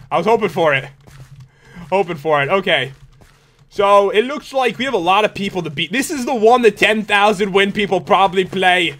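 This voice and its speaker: Excitable young man narrating his gameplay. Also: high-pitched. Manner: excitable, jokey, panics out loud. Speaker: gaming video host. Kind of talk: live gameplay commentary.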